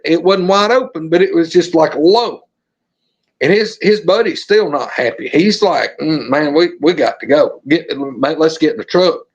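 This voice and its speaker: A man's voice: high voice, dull audio. A middle-aged man from Alabama with a Southern accent, telling a story as a podcast guest and acting out the scenes. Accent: Southern American. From Alabama, USA. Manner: animated, acts out the scenes.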